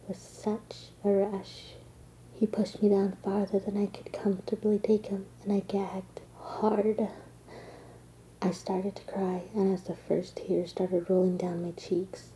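A woman performs a whispered role-play as a patient speaking to her therapist. Her voice is very dark and mellow with a gravelly, fry-laden edge. She speaks slowly and teasingly, sinking often into a breathy whisper. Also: on the low side, a little hiss or hum, poor audio. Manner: slow, hushed and teasing, often dropping to a whisper.

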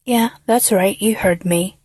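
A woman's voice: medium pitch, unhurried, a little mellow, slightly rough, no echo. A young woman in a dominant audio role-play, taunting and mocking her listener with frequent laughter and drops into a whisper.

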